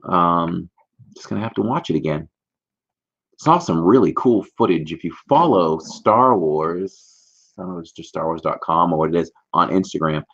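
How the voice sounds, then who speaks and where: A man with a deep, gravelly voice hosts a casual livestream from home and chats easily while he greets viewers by name. The audio sounds a little dull and lo-fi. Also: fairly bright tone. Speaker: livestream host. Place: warm room at home. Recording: slightly dull lo-fi stream audio.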